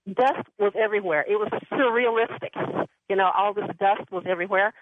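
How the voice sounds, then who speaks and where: Heard through a phone with background noise, a woman caller chats away at a brisk pace in a medium-pitched voice. She wanders through a personal story and breaks into laughter often.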